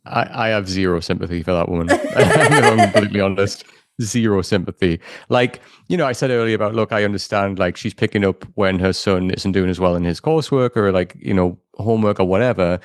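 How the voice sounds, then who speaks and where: A man's voice: fairly low pitch, brisk, no echo, clean studio sound. A man co-hosting a podcast in casual chat, enthusiastic and emphatic. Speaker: podcast co-host.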